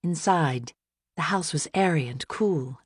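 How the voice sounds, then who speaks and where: A woman reading a novel aloud as an audiobook narrator, in gentle, even first-person storytelling. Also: low voice, unhurried, slightly rough, dry recording, studio quality.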